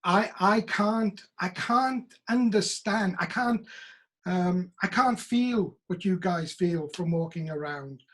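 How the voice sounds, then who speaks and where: A middle-aged Welsh man speaking over a video call, his voice fairly high for a man and noticeably husky. He tells his stories with animation and slips into other people's voices when he quotes them. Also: slow, a bit bright. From Wales. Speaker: actor.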